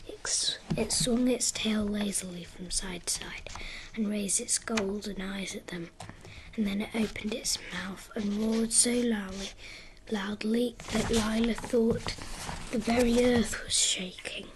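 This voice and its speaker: A woman reading a children's story aloud in a soft, unvoiced ASMR whisper. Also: mid-range voice, fairly even intonation, measured pace, noisy background.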